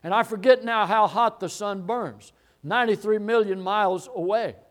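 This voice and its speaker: A high-pitched man preaching a sermon and working through a Bible passage. He repeats phrases for emphasis. He builds up to loud, ringing declarations. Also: moderate pace. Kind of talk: sermon, expository Bible teaching.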